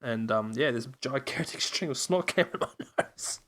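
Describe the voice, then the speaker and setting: A man with a lively, swooping mid-range voice chats casually on a podcast. He jokes and chimes in readily. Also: mid-range voice. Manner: jokey, quick to laugh and chime in. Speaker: podcast co-host. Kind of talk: casual chat.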